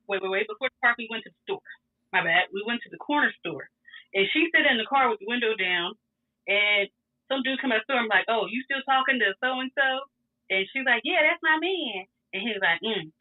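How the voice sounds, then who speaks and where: A woman telling a wild story in a casual, animated, profane way, laughing often. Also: medium pitch. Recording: tinny phone-like sound.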